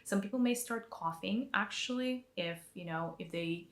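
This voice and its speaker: A woman's voice: medium pitch, normal speed. A woman teaching a guided energy meditation in a chatty way, with lots of fillers as she demonstrates hand movements. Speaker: spiritual teacher.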